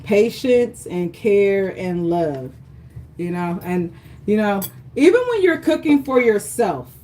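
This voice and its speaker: A woman's voice: mid-range voice, lively intonation, takes it slowly, dark tone, a little hiss or hum. A woman hosting a live cooking demonstration from her home kitchen, chatty and encouraging, often checking in with viewers. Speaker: cooking show host. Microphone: livestream setup.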